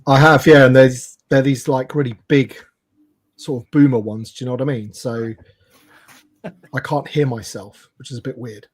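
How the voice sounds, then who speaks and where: A man's voice: mid-range voice, steady tone, normal speed, slightly rough. A man joining a live show as a guest, chatting casually and rambling with lots of fillers. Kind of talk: casual chat.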